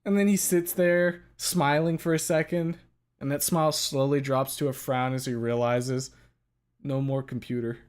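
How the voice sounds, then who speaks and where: A man hosting a casual chat, joking and swearing freely in an animated way. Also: on the high side, normal speed, smooth. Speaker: host.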